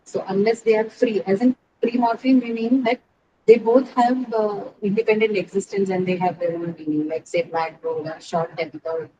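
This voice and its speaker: A woman's voice: mid-range voice, fairly even intonation, moderate pace, highs cut off, background noise. A woman teaching an online English class, explaining step by step and often checking in with her students.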